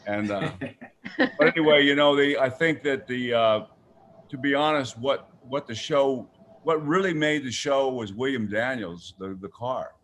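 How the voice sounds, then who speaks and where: An older man spins anecdotes as a radio guest, his voice sitting at an average pitch. He is animated, breaks into laughter often, and slips into the voices of the people he describes. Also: a little slow, slight background noise. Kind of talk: casual storytelling on a radio show.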